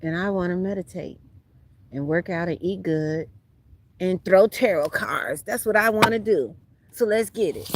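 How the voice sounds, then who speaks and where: A woman's voice: fairly low pitch, moderate pace, a little hiss or hum. A woman, doing a casual livestream tarot reading outdoors at a beach, talking bluntly and profanely to her viewers. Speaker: tarot reader.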